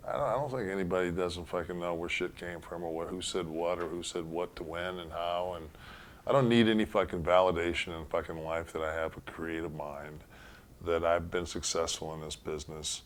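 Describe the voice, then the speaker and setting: A man with a very low voice tells stories bluntly, with heavy swearing. He speaks casually as an interview guest. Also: fairly even intonation, a little fast, a little hiss or hum.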